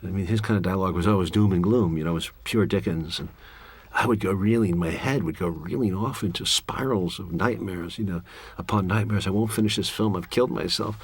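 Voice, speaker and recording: Low-voiced man rambling through a commentary. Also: fairly quick, husky. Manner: rambling, candid, wry. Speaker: film director giving commentary. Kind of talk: director's commentary, reflective storytelling.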